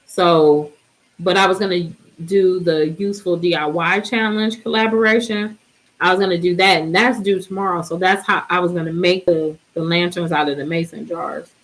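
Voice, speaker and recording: A woman's voice: fairly low pitch, steady tone, normal speed, rough recording. A woman chatting casually in a vlog, tired and rambling, trailing off mid-thought. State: exhausted, yawning. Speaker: DIY vlogger. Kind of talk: casual chat.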